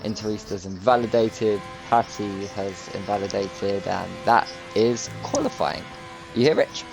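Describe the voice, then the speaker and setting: A man's voice: on the low side, unhurried, creaky. A man commentating live on an online racing league, chatty and jokey as he calls the laps. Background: music.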